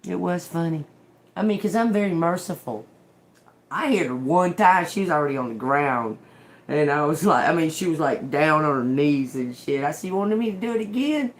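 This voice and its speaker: A woman's voice: deep voice, normal speed. A middle-aged woman telling a story in casual chat, swearing freely and breaking into laughter. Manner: profane, laughs often while telling. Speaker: tarot reader and channel host.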